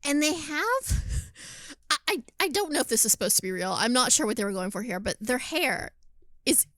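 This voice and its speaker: A woman co-hosting a podcast, chatting casually about a film, animated, laughing often and swearing freely. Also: sits high, moderate pace, dry recording. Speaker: podcast co-host. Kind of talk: casual film review chat.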